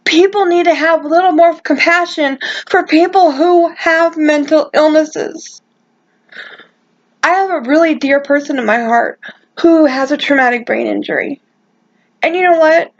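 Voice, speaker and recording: Passionate high-voiced woman vlogger. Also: highs cut off. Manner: passionate and emphatic, with restarts. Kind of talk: personal vlog monologue.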